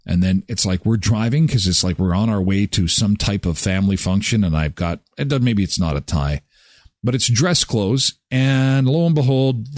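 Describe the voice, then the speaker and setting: A man's voice: medium pitch, dry recording, clean studio sound. A middle-aged man hosting a live daily show, chatting casually in a jokey, self-deprecating way. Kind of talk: casual chat.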